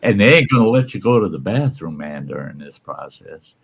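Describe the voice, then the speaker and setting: Man, low pitch, gravelly, folksy salty storyteller, casual. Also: brisk. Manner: folksy, salty, animated when quoting others. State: undergoing cancer treatment. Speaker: channel host telling stories.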